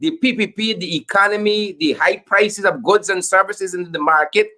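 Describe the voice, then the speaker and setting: A young Guyanese man with a Guyanese accent, hosting a political commentary show in an animated, joking way and repeating phrases for emphasis. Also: sits high, normal speed. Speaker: host.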